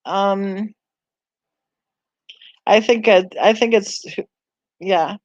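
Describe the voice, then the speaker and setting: A woman's voice: mid-range voice, fairly even intonation, very slow, a little mellow, dry recording, muffled recording. A woman hosting a casual live-stream chat on a true crime channel, rambling and thinking aloud as she browses, sighing and sounding tired.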